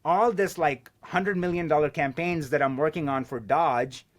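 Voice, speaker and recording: Man, podcast guest, casual chat, lively storytelling, fairly high-pitched voice. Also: moderate pace. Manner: animated storyteller who swears casually.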